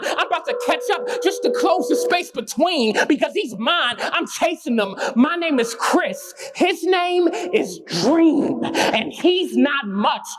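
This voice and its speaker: A man's voice: very high-pitched, a bit bright. A young man performing spoken word poetry with a rhythmic, impassioned delivery and chatty asides between pieces. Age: young adult.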